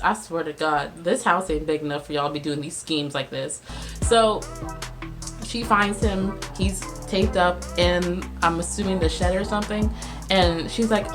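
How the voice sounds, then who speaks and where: A woman, recapping a movie on her channel in a sarcastic, animated way. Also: fairly low pitch, moderate pace, music in the background. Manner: sarcastic, animated, laughs at her own jokes. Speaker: video host reviewing a movie. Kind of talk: casual comedic movie recap.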